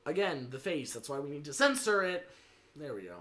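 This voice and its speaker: A teenage man with a high, bright voice that rises and falls widely as he jokes. The echoey room carries a faint hiss of noise. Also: very animated, fairly quick. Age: teens. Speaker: co-host. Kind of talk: casual chat.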